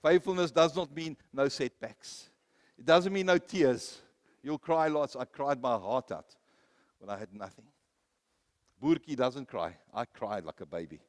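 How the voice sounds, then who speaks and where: A man preaching a sermon, telling personal stories, rising to loud, emphatic peaks and then dropping low. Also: expressive, a little slow. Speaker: pastor.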